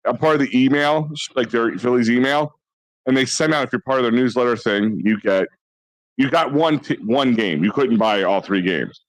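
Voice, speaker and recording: A man rambles through sports talk, excitable and full of restarts. His voice is mid-pitched and recorded close and dry. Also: moderate pace, no room sound, poor audio. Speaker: podcast co-host. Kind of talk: casual sports chat.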